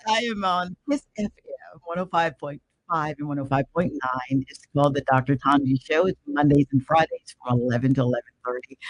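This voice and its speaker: An older woman speaks with a husky voice, delivering a heartfelt testimony with preacherly emphasis. Her phrasing is fervent and repetitive, and the sound is close and dry with no room echo. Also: low voice. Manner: emphatic, preacherly, calls listener "man". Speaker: guest, radio show host. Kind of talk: emotional personal testimony.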